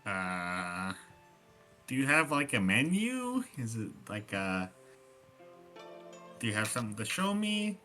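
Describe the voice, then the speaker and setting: A man's voice: on the low side, sing-song, slow, pauses often, bright, forceful tone, faint music behind. A man playing a tabletop game in character, talking casually and hesitantly. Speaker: player.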